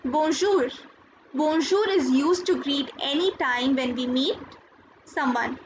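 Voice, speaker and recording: A woman teaching a recorded school lesson, explaining each word slowly and carefully and repeating it. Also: high-pitched. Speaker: French teacher. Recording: dull lo-fi sound, faint noise.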